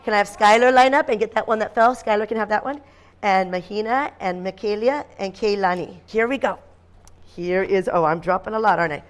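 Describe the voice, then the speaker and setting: A woman teaching a phonics lesson to a class of young children, sounding out letters in slow, repeated chants. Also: mid-range voice.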